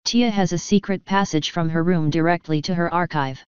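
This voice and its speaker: A woman's voice: on the low side, moderate pace, a little mellow, clear, resonant tone, no room sound, close to an everyday voice. A woman voicing a regal, solemn female pony princess who speaks formally. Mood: grave. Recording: dull lo-fi dry recording.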